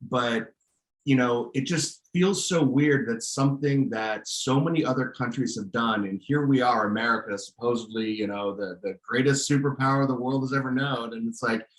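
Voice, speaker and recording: A man co-hosts a casual podcast, ranting with strong opinions and often restarting his sentences. His voice sits at an ordinary pitch for a man. The recording has a roomy echo. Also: normal speed. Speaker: podcast co-host. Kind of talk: casual chat.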